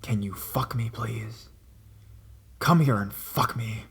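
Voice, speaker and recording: A man voicing a menacing male prank caller who talks in a deep, rusty, near whisper, slow and leering. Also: vocal fry, fairly bright tone, slightly rough, exaggerated voice. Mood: whispered menace. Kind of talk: horror story reading.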